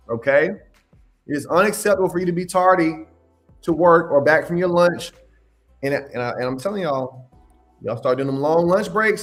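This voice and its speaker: A man hosting a live question-and-answer stream, giving blunt, emphatic advice and scolding his viewers. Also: a little high. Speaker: host answering live questions on insurance adjusting.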